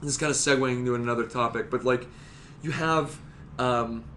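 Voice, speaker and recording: Excitable, swearing man co-hosting a podcast. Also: mid-range voice, a little fast, slight background noise. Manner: rambling, excitable, swears a lot. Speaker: podcast co-host. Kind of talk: casual chat.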